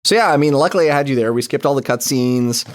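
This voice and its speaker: A man's voice: medium pitch, fast talker. A man co-hosting a gaming podcast, chatting casually and thinking aloud with plenty of fillers. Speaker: podcast co-host.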